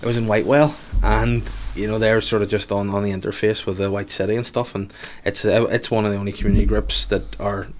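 A man's voice: lowish voice, flat delivery, fast talker, few pauses, slight background noise. A man with a Belfast accent chatting casually, telling funny local stories with plenty of swearing. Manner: swearing, storytelling, laughs at his own anecdotes. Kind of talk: casual chat.

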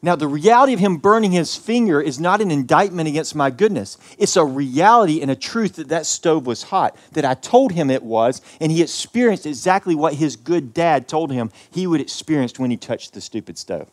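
Southern male pastor, impassioned sermon, loud peaks dropping to quiet lines. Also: a little high, lively intonation, moderate pace, few pauses. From American South. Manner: impassioned preaching with big swings in loudness.

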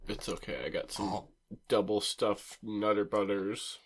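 A man's voice: on the low side, fairly even intonation, measured pace, breathy edge. A young man co-hosting a casual food podcast, joking often with crude humor. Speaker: podcast co-host. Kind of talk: casual chat while eating.

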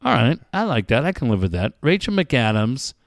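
A man's voice: medium pitch, moderate pace, vocal fry, dry recording, clean studio sound. A man hosting a casual chat, telling stories with lots of swearing. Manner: profane, animated storyteller.

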